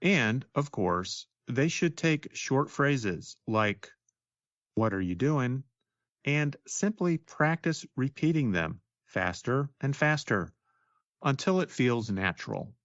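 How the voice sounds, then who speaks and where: Guy co-hosting an english podcast, slow and animated, dry dull-ish sound. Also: mid-range voice, no room sound. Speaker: co-host. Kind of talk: scripted educational podcast.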